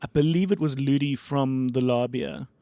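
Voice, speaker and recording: A man, hosting a podcast in casual chat and telling stories with lively swings in pitch. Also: smooth, no echo. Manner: animated storyteller with quick pitch jumps. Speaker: podcast host.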